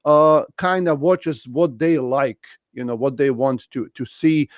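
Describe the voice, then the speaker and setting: Slow, halting man with dry sound. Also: medium pitch, no room sound. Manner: halting, many fillers and restarts. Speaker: podcast host. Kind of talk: casual conversation.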